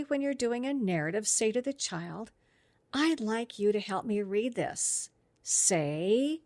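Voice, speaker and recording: A woman's voice: on the high side, no room sound. A woman speech therapist giving a friendly, explanatory professional development talk. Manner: friendly, explanatory, with occasional laughs. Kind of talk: instructional podcast talk.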